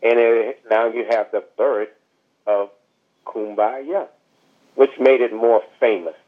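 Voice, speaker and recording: A man's voice: mid-range voice, fairly even intonation, takes it slowly. A man, an author telling a long, rambling story as a podcast guest, full of asides and fillers. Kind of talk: storytelling interview over the phone. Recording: tinny phone line.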